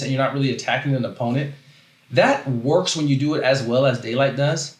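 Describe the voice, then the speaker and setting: A man's voice: medium pitch, fast talker. Man, livestream host, casual rambling talk, self-interrupting, reads chat, roomy echo.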